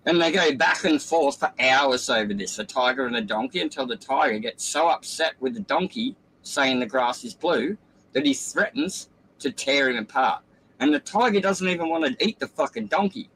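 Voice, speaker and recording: A man's voice: medium pitch, animated, normal speed, a bit bright, a little hiss or hum, low-quality recording. A man telling a fable in casual, profane, rambling chat between poker hands. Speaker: poker player chatting on stream.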